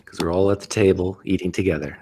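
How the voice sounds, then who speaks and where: A man's voice: deep voice, steady tone, fast talker, dark tone, slight background noise. A man hosting an online poker game, chatting casually and laughing often. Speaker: poker game host and streamer.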